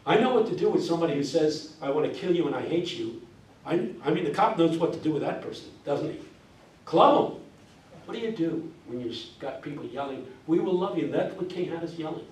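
An older man giving a passionate classroom lecture, breaking into song snippets and rising to near shouting. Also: on the high side, expressive, brisk. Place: university classroom. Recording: echoey classroom miked from a distance.

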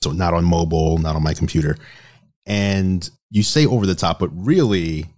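A man's voice: low-pitched, normal speed, a little mellow. A man hosting a tech podcast, chatting casually and steering the conversation to the next topic. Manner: affable, complimentary, steers the segments. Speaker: podcast host.

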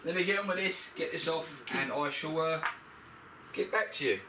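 A man with a fairly high voice at normal speed walks viewers through a moped repair while he works, rambling chattily with asides to the audience. The recording is an echoey garage with a distant, off-mic voice and a noisy background.

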